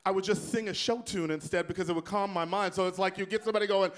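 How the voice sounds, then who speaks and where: A man from Texas doing stand-up into a handheld mic, sassy and loud, with sudden whoops. His voice sits fairly high for a man. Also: fast, few pauses. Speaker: stand-up comedian. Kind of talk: stand-up comedy set.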